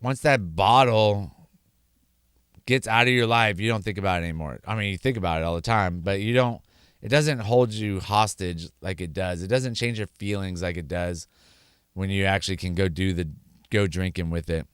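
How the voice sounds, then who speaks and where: Earnest low-voiced man giving testimony. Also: moderate pace, a bit bright, clear, resonant tone, no room sound, studio quality. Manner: earnest, repeats words for emphasis. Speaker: speaker sharing his sobriety story. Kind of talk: personal testimony.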